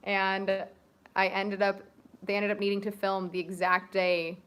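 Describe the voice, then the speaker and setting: Young woman, bright voice, chatty, livestream co-host, casual talk. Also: mid-range voice, completely flat delivery, a little slow, smooth. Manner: chatty, answers viewer questions, gives audition tips. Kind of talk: casual live-stream chat.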